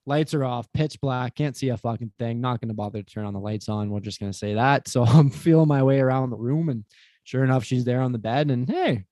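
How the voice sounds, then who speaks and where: A man's voice: mid-range voice, fairly quick, no room sound. A young man on a podcast, telling a crude personal story in casual chat, swearing often and acting out what people said. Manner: animated, profane, acts out quotes. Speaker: podcast guest.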